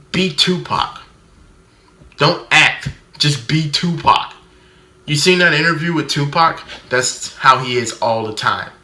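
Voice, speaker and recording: A man's voice: fairly high pitch, bright, forceful tone, reverberant. A man doing a comedic movie review rant, sarcastic, mimicking people and shrieking a running punchline.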